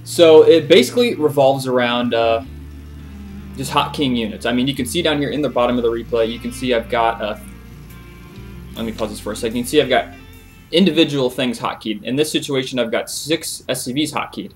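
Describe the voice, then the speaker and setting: A young man casually explaining a video game trick over a replay, relaxed, with frequent filler words. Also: medium pitch, fairly quick, faint music behind. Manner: relaxed, many "uh" fillers, chuckles. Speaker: gaming video creator.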